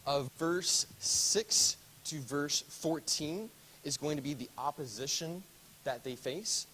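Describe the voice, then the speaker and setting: A man's voice: on the high side, takes it slowly, sharp tone, slight background noise, poor audio. A man teaching a Bible study class in a casual, conversational way, often asking the group questions.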